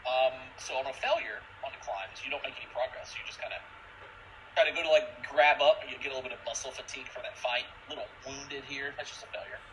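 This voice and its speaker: A man's voice: medium pitch, fast talker, a bit bright, slight background noise, rough recording. A young man running a tabletop game as game master, jokey and casual as he explains the rules.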